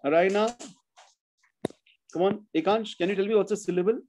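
A man's voice: high-pitched, normal speed, a little mellow, a little hiss or hum. A man teaching a spelling class over a video call, explaining rules step by step, correcting students and mixing in Hindi. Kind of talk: online class lesson.

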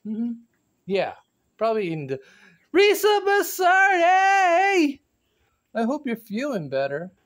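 A man vlogging from his bedroom in rambling casual chat, goofy and playful, bursting into loud shout-outs. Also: sits high, sing-song, normal speed.

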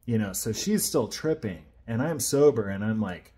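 A man's voice: lowish voice, lively intonation, normal speed, warm tone. Earnest man telling his story. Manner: earnest, rambling retelling. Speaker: sharer of a personal faith testimony. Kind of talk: personal testimony, casual storytelling.

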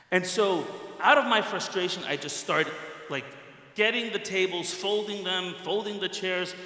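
A middle-aged man giving a Friday sermon, telling a personal story in an animated way and speaking straight to the congregation. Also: on the high side. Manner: animated storyteller who addresses the congregation directly. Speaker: preacher. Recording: echoey hall with long reverb.

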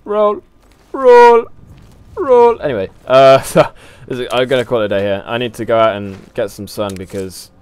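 A man's voice: lowish voice, a little fast, hardly any pauses, clear, resonant tone, no room sound. A young man casually commentating a video game, rambling, swearing and laughing at himself. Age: young adult. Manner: rambling, swearing, self-mocking, laughs often. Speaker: gaming channel host. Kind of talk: casual let's play commentary.

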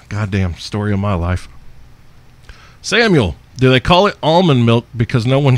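A man hosting his own podcast, reading listener questions in a brash, profane, boastful way, with loud outbursts and laughs. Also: mid-range voice, dry recording. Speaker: podcast host.

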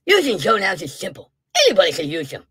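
A woman's voice: on the low side, huge pitch swings, fast, a bit bright, husky, dry recording, clean studio sound, exaggerated voice. A woman voicing a smug, sugary elderly female politician in a parody sketch. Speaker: narrator of the sketch.

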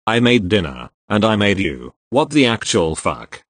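A man's voice: on the low side, sing-song, a little slow, background noise. A man narrating a comic fan video, reading made-up posts in a goofy, self-mocking way. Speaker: video creator.

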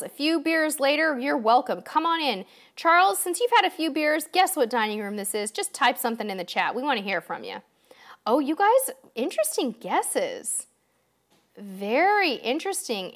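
A livestream host with a fairly high, somewhat bright voice talks casually while running a quiz. She addresses her viewers directly and cheerfully, but a little fatigue shows through.

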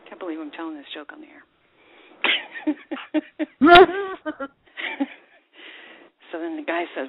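A woman's voice: on the low side, very animated, takes it slowly, long pauses, husky, dry recording. A woman co-hosting a casual call-in radio chat, telling a joke and laughing at herself. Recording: tinny phone-line sound.

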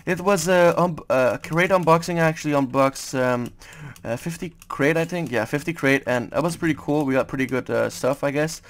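A man's voice: on the high side, normal speed. A young man from France with a French accent, giving casual, hesitant gaming commentary full of fillers. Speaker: gaming YouTuber.

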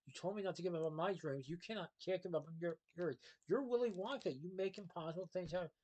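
A man's voice: high voice, fast talker, darkish tone, voice pushed up. A man reading aloud and voicing a loyal young orphan girl who speaks earnestly and pleadingly.

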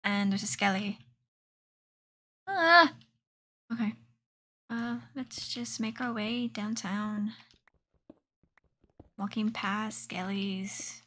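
A woman's voice: medium pitch, little pitch movement, slow, long pauses. A young woman streaming a game live, chatting to herself and often dropping into a whisper. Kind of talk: live gameplay commentary.

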